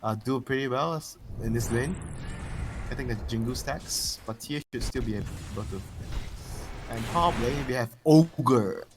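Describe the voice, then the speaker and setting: Blunt, excitable man casting esports. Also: mid-range voice, moderate pace, noisy background. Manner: blunt and teasing, excitable reactions. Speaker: esports caster. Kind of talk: casual play-by-play commentary.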